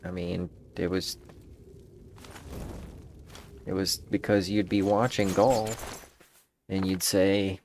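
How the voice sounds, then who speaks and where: A man's voice: sits low, slow pace, creaky, long pauses, a little mellow, a little hiss or hum. A man musing aloud in a meandering, casual monologue, restarting his sentences as he thinks.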